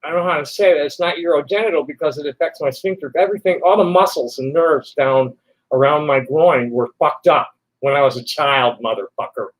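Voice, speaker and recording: A man in his sixties ranting to camera, combative and constantly swearing, now and then flaring into shouts. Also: fairly high pitch, fairly quick. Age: 60s. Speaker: vlogger answering online critics. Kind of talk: angry profane rant to camera.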